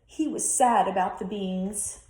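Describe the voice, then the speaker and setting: A woman's voice: mid-range voice, a little slow, dark tone, slight background noise. A woman teacher reading a children's storybook aloud expressively, then talking to her pupils. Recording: roomy echo.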